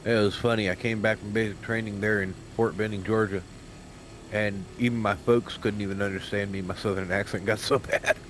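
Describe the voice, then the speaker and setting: A man's voice: lowish voice, little pitch movement, a little fast, a bit bright, a little hiss or hum, poor audio. An American man telling friendly anecdotes in casual gaming chat. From United States.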